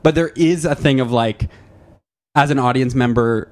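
A man co-hosting a comedy podcast with a voice of ordinary pitch. He rambles through his thoughts in casual chat, restarting sentences as he goes. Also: moderate pace, no room sound. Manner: rambling, with many fillers and restarts. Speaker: podcast co-host.

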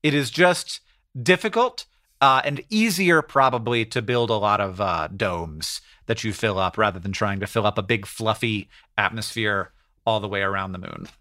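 A man co-hosting a podcast in casual chat, explaining ideas in a rambling, excitable way full of fillers. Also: fairly low pitch, moderate pace, no echo, clean studio sound. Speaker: podcast co-host.

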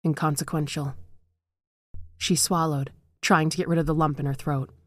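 A woman narrating a horror short story in a measured, dramatic way. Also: deep voice, level tone, a bit bright.

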